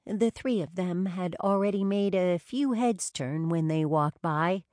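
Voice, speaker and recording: A woman reading a story aloud in a measured, wry storytelling manner. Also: fairly low pitch, a little mellow, no room sound, clean studio sound. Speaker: audiobook narrator. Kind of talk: scripted narration.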